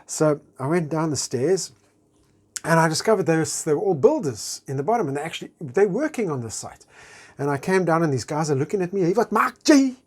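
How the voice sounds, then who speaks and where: A man sharing a personal testimony in a chatty, expressive way, full of fillers and acted-out dialogue. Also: a little high, a little fast. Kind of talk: animated personal storytelling.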